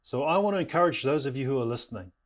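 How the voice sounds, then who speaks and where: Brief: middle-aged man from New Zealand, animated storyteller who slips into family voices, mid-pitched. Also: rapid-fire. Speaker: parenting program speaker. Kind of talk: storytelling talk.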